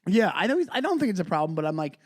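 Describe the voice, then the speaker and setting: A man's voice: high-pitched, very animated, rapid-fire. A man in his forties co-hosting a podcast, talking in a rambling, self-deprecating way. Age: 40s. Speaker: podcast co-host. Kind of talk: casual chat.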